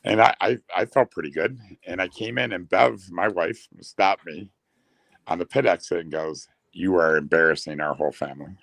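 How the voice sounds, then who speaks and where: Middle-aged man, deep and gravelly, chatty storyteller who laughs through his tales. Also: normal speed, fairly bright tone, no room sound, rough recording. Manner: laughs while telling stories, many restarts. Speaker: guest, former speedway owner. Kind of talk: casual storytelling.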